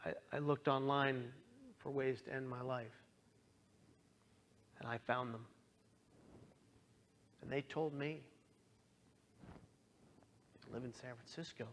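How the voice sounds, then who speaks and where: A man's voice: mid-range voice, a bit bright. A man in his thirties giving an earnest, emotional talk about his own experience, sometimes voicing the people in his story. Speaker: speaker. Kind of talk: personal testimony talk.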